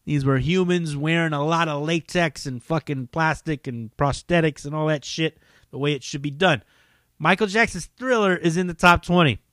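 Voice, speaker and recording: Profane, rambling man with a higher voice. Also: moderate pace, fairly bright tone, dry recording, clean studio sound. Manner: rambling, heavily profane, enthusiastic. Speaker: podcast host. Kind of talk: casual solo podcast talk.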